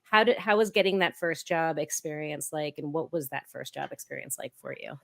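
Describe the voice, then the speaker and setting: Low-voiced woman hosting an interview. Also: expressive, gravelly, a bit bright. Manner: friendly, laughs along, quick follow-up questions. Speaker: podcast host. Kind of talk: casual interview.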